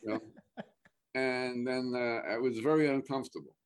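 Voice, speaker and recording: Halting man, casual swearing. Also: mid-range voice, steady tone. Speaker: actor guest. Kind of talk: casual podcast chat.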